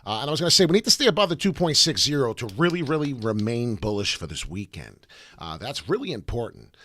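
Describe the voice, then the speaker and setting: A man hosting a live crypto chart commentary, excitable, profane and rambling. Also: medium pitch, fast talker. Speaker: crypto chart analyst, channel host.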